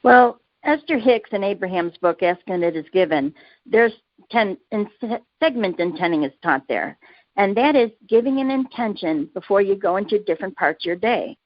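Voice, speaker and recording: A woman's voice: mid-range voice, expressive, normal speed, no room sound. A woman author being interviewed, talking earnestly about spiritual life and telling personal anecdotes with easy laughter. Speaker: author guest. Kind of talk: casual interview answers. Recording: dry muffled lo-fi audio.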